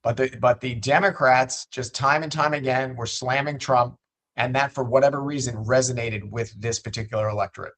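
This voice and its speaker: A man who is a state legislator, a guest on a political interview show, making his points in a measured way and often repeating words as he builds them. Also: mid-range voice, fairly even intonation, fairly bright tone.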